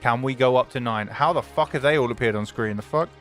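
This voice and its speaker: A man's voice: medium pitch, fast talker, a bit bright, faint music behind. A man streaming a game live, commenting animatedly, swearing and greeting his chat.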